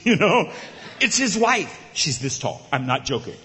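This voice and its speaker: A male preacher telling a funny story in a sermon, animated and acting out the characters. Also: a little high, measured pace. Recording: echoey large hall.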